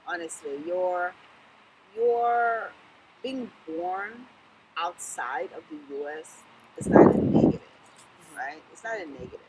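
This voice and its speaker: A woman's voice: on the low side, animated, slow pace, very noisy. A woman with a Southern US accent, a political candidate speaking in an interview in an emphatic, encouraging way that repeats key phrases. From Sierra Leone. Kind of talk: casual interview talk.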